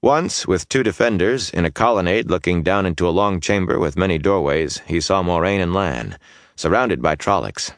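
A man reading fantasy fiction aloud in a measured, even audiobook narration on a close studio mic. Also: low-pitched, dry recording.

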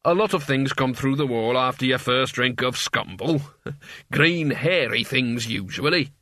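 A man's voice: medium pitch, a little slow, pushed and bright, no room sound, clean studio sound. A man voicing a wary middle-aged tavern landlord who placates and worries. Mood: dismissive.

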